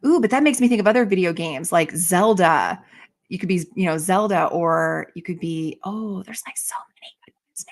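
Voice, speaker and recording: A woman hosting a casual live stream, chatting brightly and reacting to viewer comments. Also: lowish voice, moderate pace. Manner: bubbly, reads viewer comments aloud. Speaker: livestream host.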